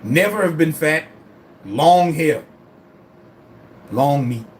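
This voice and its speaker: Slow and a little high in pitch, a man talks casually about his fitness journey in a vlog, with slight background noise in the clip. He rambles, swears, and tells his story animatedly.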